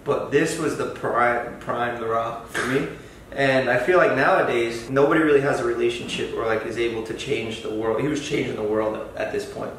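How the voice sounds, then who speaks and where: A man's voice: medium pitch, moderate pace, a bit bright. A man in his late twenties with a mid-range voice, chatting as a guest in a brash, joking way and laughing a lot. The mic sits far off in a very echoey room, with faint noise underneath. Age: 20s. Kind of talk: casual podcast chat.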